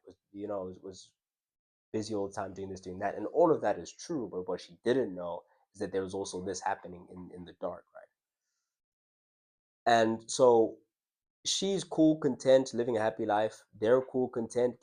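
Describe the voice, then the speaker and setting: This young vlogger has a lowish, dark-toned voice. Telling his audience a personal story in a relaxed, reflective way, he keeps restarting his sentences and laughing.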